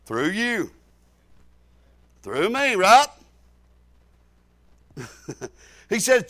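High, bright-voiced preacher man. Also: sing-song, drawn-out words, long pauses. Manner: folksy, rising to shouts then dropping low. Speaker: pastor. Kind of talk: sermon.

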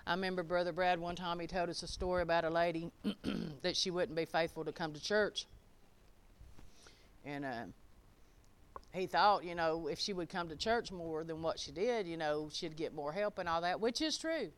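A middle-aged woman preaches a folksy, emphatic sermon in a lowish voice at normal speed. She moves between loud declarations and quiet asides where she chuckles.

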